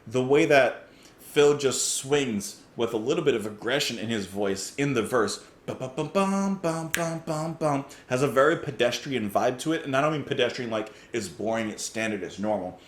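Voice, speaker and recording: A man's voice: mid-range voice, moderate pace, echoey room. A man hosting a casual music reaction, talking enthusiastically, often chuckling and thinking aloud with fillers.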